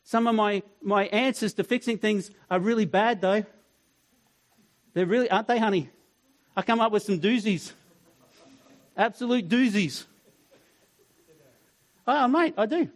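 A man preaching a sermon, telling stories and acting out voices, at times dropping to a soft, tender tone. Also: high-pitched, measured pace, pauses often. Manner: storytelling, acts out voices, drops to soft tender tone. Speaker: pastor.

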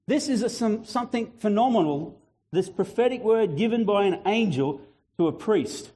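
A male pastor preaching a lively sermon, acting out voices and chatting with the congregation. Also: high voice, normal speed. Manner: animated, acts out biblical voices, chatty asides; fluent, breaks into a shout.

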